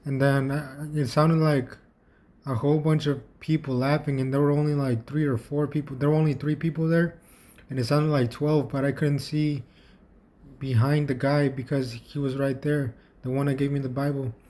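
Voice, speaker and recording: A man vlogging, telling a personal story in a casual, halting way with frequent restarts and repeated words. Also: medium pitch, steady tone, dark tone.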